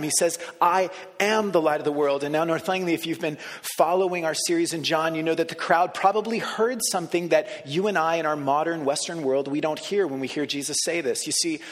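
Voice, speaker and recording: A man preaching a sermon, talking the congregation through an imagined scene, moving between hushed, soft lines and raised emphasis. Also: fairly high pitch. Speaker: pastor. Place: church sanctuary. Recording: long reverb of a large hall.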